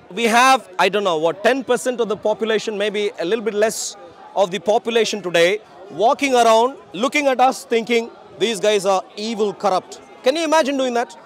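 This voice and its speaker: High-voiced confrontational male street preacher. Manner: loud, projecting, confrontational. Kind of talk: open-air street preaching and debate. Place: outdoors on a city street.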